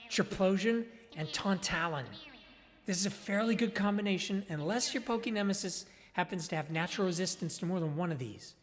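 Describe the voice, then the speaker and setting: A man's voice: sits high, natural voice. A man playing an eager, awestruck male nature filmmaker narrating with enthusiasm, recorded with long reverb. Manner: enthusiastic, wide-eyed. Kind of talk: dramatized monologue.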